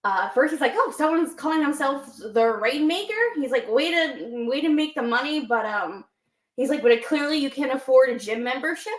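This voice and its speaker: A woman's voice: high-pitched, normal speed, roomy sound. A woman co-hosting a casual wrestling podcast, animatedly recapping promos and acting out quoted lines. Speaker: podcast co-host.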